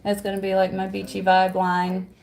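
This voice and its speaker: A woman's voice: medium pitch, monotone, normal speed, vocal fry, a little mellow. A woman hosting a livestream from home, chatting casually, reading viewer comments aloud and laughing often. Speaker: livestream host.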